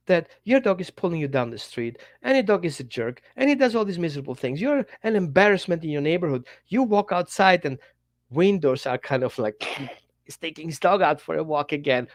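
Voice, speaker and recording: Brief: male dog trainer, animated to-camera lesson, higher-pitched voice, dry close sound, slightly non-native English phrasing. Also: no room sound. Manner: animated, talks straight to the viewer, acts out little quotes. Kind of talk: direct-to-camera teaching talk.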